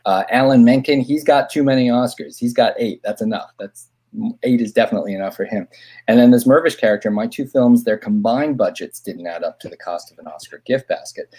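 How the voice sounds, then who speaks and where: A middle-aged man with a husky, slightly breathy voice tells a rambling story in a relaxed podcast conversation. His pitch sits in the middle, and he jumps up in pitch when he acts out the people he quotes. He speaks into a podcast microphone. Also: a little fast. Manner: animated anecdote teller, acts out quoted voices. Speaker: guest film director.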